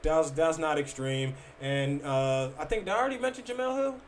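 A man with a high-pitched voice, co-hosting a casual podcast. He tells stories in an animated way, swearing and acting out what people said. There is a faint hiss of noise behind him. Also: moderate pace. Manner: animated, swearing, acts out quotes loudly. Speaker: podcast co-host. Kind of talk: casual storytelling chat.

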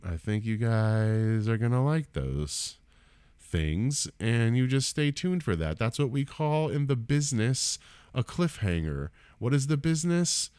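A man's voice: mid-range voice, very animated, a little slow, a little mellow, clear, resonant tone, no echo. A man hosting a solo comedy podcast, rambling, swearing a lot and mocking himself. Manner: profane, rambling, self-deprecating. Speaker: podcast host and stand-up comedian. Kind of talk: casual solo podcast monologue.

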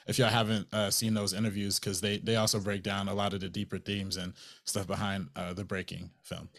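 A man's voice: lowish voice, level tone, brisk, creaky, a bit bright. A young man co-hosting a movie podcast, talking loosely with many fillers and restarts. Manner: loose, filler-heavy, lots of "like" and "um". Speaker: podcast co-host. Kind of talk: casual movie podcast chat.

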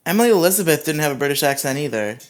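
A man's voice: fairly high pitch, lively intonation, rapid-fire. A young man hosting a casual movie review podcast, chatty and teasing, often laughing. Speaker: podcast host.

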